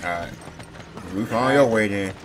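A man hosting a gaming channel, chatting casually through co-op gameplay, loud and excitable, swearing and laughing often. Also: fairly low pitch, normal speed, noisy background.

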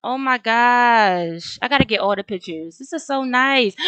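A woman's voice: fairly high pitch, animated, measured pace, few pauses, a bit bright, clean tone, dry recording. Chatty young woman narrating her gameplay. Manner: chatty, slangy, addresses viewers as y'all. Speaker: gaming video host. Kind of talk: casual gameplay commentary.

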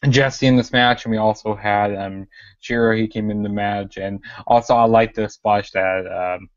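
A man's voice: fairly low pitch, fairly even intonation, normal speed, no echo, muffled recording. A man co-hosting a podcast in casual chat, talking hesitantly with many fillers. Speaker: podcast co-host.

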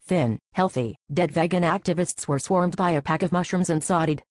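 A woman narrating a satirical fairy tale in a deadpan scripted style. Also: fairly low pitch, normal speed, no room sound, poor audio. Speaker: storyteller.

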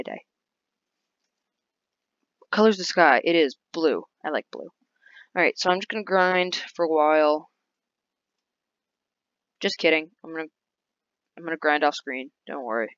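A playful gaming host rambles through casual commentary and drifts into silly sing-song repeats. The voice sits at a middling pitch. The recording is dull and lo-fi, with a dry, close sound. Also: sing-song, moderate pace, vocal fry, long pauses, fairly bright tone, no echo.

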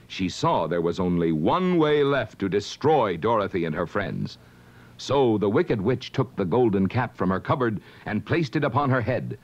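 Dramatic male storybook narrator. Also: fairly low pitch. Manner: dramatic, expressive reading. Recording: dull lo-fi vintage record with hiss.

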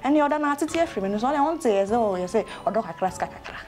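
A woman's voice: a little high, animated, fast, a little mellow, faint music behind, close to an everyday voice. Woman playing a chatty Ghanaian young woman. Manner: chatty, gossipy, mixing English with pidgin and local words. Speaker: web series actor. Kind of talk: comic monologue in a web series skit.

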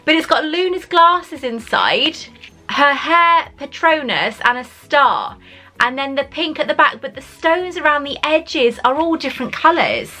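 A woman's voice: high voice, lively intonation, unhurried, sharp tone, faint music behind. A woman vlogger unboxing gifts in casual chat, gushing and emotional, often exclaiming with delight.

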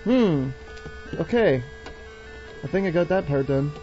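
A woman's voice: sits low, expressive, measured pace, mellow. A young woman giving casual, giggly commentary while playing a game and reading its text aloud. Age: young adult. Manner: giggly, chatty, reads on-screen text aloud. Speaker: let's play gamer. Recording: dull lo-fi recording with faint game music.

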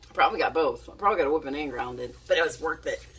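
A woman's voice: sits low, very fast, a bit bright, slightly rough, far from the mic. A woman telling a casual story to her camera, chatty and giggly, with plenty of fillers and restarts. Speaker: vlogger.

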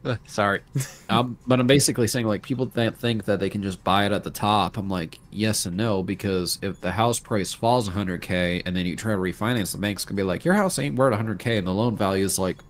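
A man's voice: lowish voice, steady tone, fairly quick. A man co-hosting a casual finance podcast, explaining points in a laid-back way. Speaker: podcast co-host.

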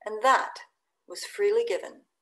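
A woman reading a classic sea novel aloud in an expressive, theatrical audiobook style. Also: medium pitch, unhurried, rough recording. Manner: theatrical, swings loud on exclamations. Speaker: audiobook reader.

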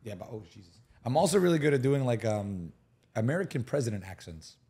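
A man's voice: mid-range voice, sing-song, warm tone, breathy edge. A man in his twenties, a podcast guest, chatting casually and joking in a playful, teasing way. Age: 20s. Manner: playful, teasing, quick to joke.

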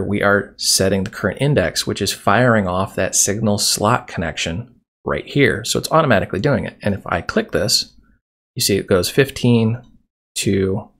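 A man's voice: fairly low pitch, gravelly, fairly bright tone. A man hosting a programming tutorial, explaining casually and chatting while he types. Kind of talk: screen-recorded coding tutorial. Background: keyboard typing and mouse clicks.

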